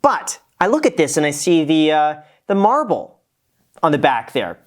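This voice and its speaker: A man's voice: a little high, big pitch swings, normal speed. A man hosting a casual reaction show, a former real estate agent who gives frank, cost-minded critiques of a home tour.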